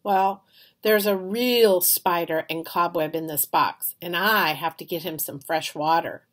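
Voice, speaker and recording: A woman's voice: lowish voice, unhurried. A woman reading aloud, voicing a brash, boastful third-grade boy in a storybook. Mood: eager. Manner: cocky, lively.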